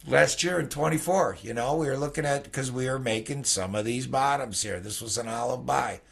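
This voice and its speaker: A middle-aged man with a gravelly, fry-laden voice talks through trading charts in a loose, rambling way. He keeps tossing in "okay?" as he points out levels and closes, like a floor trader teaching at his desk. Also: mid-range voice, moderate pace, fairly bright tone. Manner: rambling, conversational, peppered with "okay?". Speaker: futures trading educator. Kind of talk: casual chart walkthrough.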